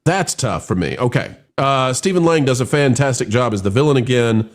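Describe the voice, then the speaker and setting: A man hosting a live film review show, talking in an animated, rambling way with frequent restarts. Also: medium pitch, normal speed.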